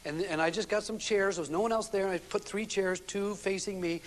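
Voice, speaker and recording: A man's voice: sits high, fairly even intonation, a little fast, a little hiss or hum. A man giving a relationship seminar to a live audience, telling anecdotes in a folksy way with frequent restarts. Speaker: seminar speaker. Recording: long reverb of a seminar hall.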